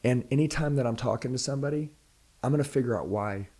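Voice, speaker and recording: A sales trainer appearing as a podcast guest delivers a motivational pitch in a husky voice with a darker, mellow tone. At a quick pace he's direct and preachy, firing off one rhetorical question after another.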